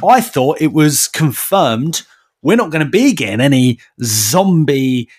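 A man's voice: fairly high pitch, measured pace. Guy on a podcast, rants a lot, voice jumps all over the place. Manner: animated, ranting, many restarts. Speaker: podcast co-host. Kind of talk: casual chat.

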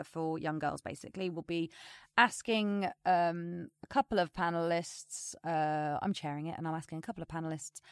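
A woman's voice: deep voice, no echo. A woman co-hosting a podcast in casual chat, talking in a rambling way full of fillers. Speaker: podcast co-host.

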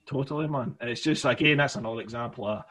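A man with a husky voice chats loosely about music, often circling back and restarting his sentences. He talks at a middling pitch in a relaxed, unscripted way. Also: fast. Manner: rambling, many fillers and restarts. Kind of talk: casual music chat.

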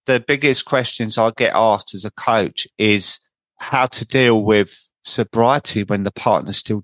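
A man's voice: lowish voice, fairly bright tone, dry recording. A man hosting a podcast interview who talks in an affirming, chatty way, often restarting and adding tag questions. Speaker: podcast host and sobriety coach. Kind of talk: conversational interview.

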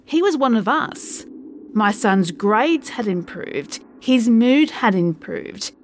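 A woman narrating a first-person horror story in a slow, measured way. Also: fairly high pitch, lively intonation, a little hiss or hum.

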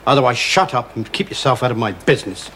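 An actor in a television soap playing a kindly, protective working man who talks slowly and gently. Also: mid-range voice, animated, slight background noise, close to an everyday voice. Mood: angry.

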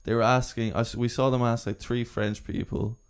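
A man's voice: medium pitch, level tone, moderate pace, smooth. A young man with an Irish accent, rambling through anecdotes in casual chat and laughing at his own stories. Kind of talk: casual storytelling.

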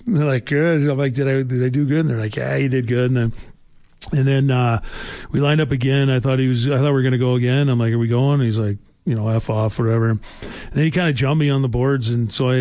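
A man's voice: medium pitch, darkish tone, no room sound. Rambling man telling hockey stories. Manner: rambling, filler-heavy anecdotes. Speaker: former hockey player guest. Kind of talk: casual storytelling.

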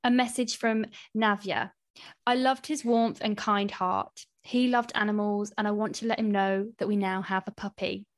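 A woman podcast co-host reads listener messages in a gentle, measured voice of middling pitch. She adds short, kind asides between them. The sound is close and dry. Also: steady tone, no echo. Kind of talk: reading listener messages aloud.

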